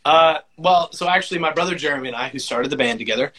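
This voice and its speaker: A voice actor and musician talks in a casual interview, laid-back and self-deprecating, with lots of fillers. He's a fast talker with a fairly high, sharp-toned voice.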